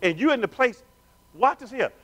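A male pastor with a high voice and a very lively, sweeping pitch. He preaches with call-and-response, urging the congregation on as family. His volume dips from loud declarations to near-whispered asides. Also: moderate pace. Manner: swings between loud declarations and hushed, low asides. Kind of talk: sermon. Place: church sanctuary.

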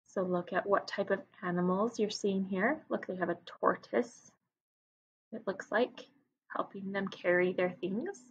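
A woman teacher reading a picture book aloud to her class, expressive and stopping to ask questions. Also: mid-range voice, a little slow, breathy edge, dull audio. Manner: expressive, asks listeners questions.

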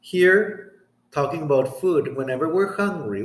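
A man teaching English grammar in a recorded lesson, reading example sentences slowly and checking in with "okay?". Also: medium pitch, animated. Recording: echoey room.

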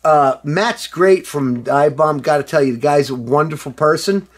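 A man's voice: fairly high pitch, moderate pace. Tipsy, rambling middle-aged man. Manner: rambling and excitable, with loud outbursts and profanity. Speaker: former band member showing a reissued album. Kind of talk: casual unscripted video monologue.

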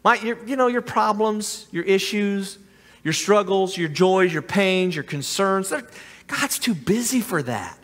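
A man's voice: sits high, animated, a little slow, a bit bright, big-room sound. A man preaching as a pastor in a church sanctuary, earnest and often repeating or restarting his words. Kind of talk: sermon.

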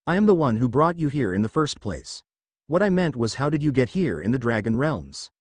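A man voicing a proud, calm old male dragon chronicler who speaks in a measured, formal way. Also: medium pitch, breathy edge, no room sound.

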